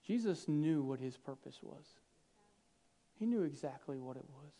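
A man delivers a sermon in a fairly high voice. He drops to near-whispers for weight, then climbs into loud, animated stretches. He plays out bits of dialogue with a light, humorous touch. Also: moderate pace. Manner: dynamic, swings from hushed to loud and animated; acts out quoted dialogue with humor. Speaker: preacher.

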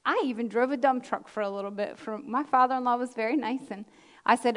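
A middle-aged woman pastor with a high voice preaches to her congregation. She is earnest and emphatic, repeats her key lines and slips in casual asides. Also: fairly quick, fairly bright tone. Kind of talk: sermon.

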